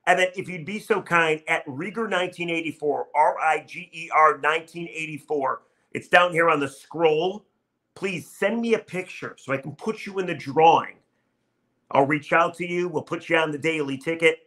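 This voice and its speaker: A man's voice: fairly high pitch, normal speed, pushed and bright. A man in his thirties hosting a sports talk podcast, delivering an upbeat, chatty monologue and urging listeners to subscribe.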